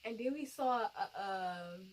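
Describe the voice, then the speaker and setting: A woman's voice: mid-range voice, animated, a little slow, a little hiss or hum. A young woman chiming in as co-host of a casual TV recap, hesitant and searching for words.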